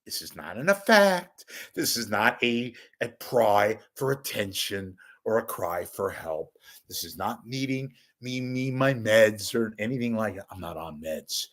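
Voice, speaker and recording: A man's voice: on the low side, measured pace. A man delivering an angry, profane ranting monologue as a local media commentator.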